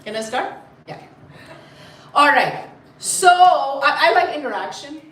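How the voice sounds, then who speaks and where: A woman telling a story to a group of children, animated and full of questions to her listeners, heard in an echoey room away from the mic. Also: high voice, takes it slowly, distant mic. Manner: animated, asks the audience questions. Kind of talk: live storytelling class.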